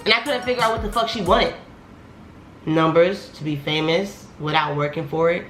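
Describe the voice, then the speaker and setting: A young woman vlogger telling a heated storytime, profane and animated, her voice climbing higher when she gets worked up. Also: normal speed. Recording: echoey room with faint music.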